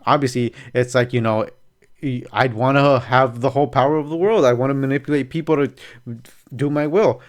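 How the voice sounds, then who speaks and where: A man hosting a casual podcast chat, telling stories in an animated way and swearing freely. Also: mid-range voice, normal speed, clear, resonant tone. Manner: profane, animated storyteller. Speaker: podcast host.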